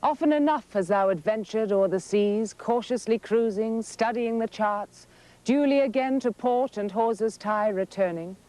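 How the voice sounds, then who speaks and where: A man reciting poetry in a slow, deliberate way. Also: high voice, mellow.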